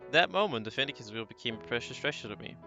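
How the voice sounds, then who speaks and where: A man voicing a young newlywed wife who narrates her story in a gentle, reflective way, in a slightly dull lo-fi recording. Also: medium pitch, lively intonation, fast talker, soft background music.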